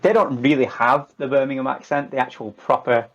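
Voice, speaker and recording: A man from northern England with a Lancashire accent, middle-aged, talking as a podcast guest. He keeps it casual and jokey, with the odd swear word dropped in, at an ordinary pitch for a man. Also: fairly even intonation, brisk, lo-fi sound. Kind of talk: casual chat.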